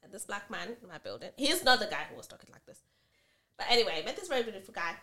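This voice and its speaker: Woman, podcast co-host, casual storytelling, lively pitch, bright tone, echoey room. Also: rapid-fire. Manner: animated, expressive storyteller with many asides.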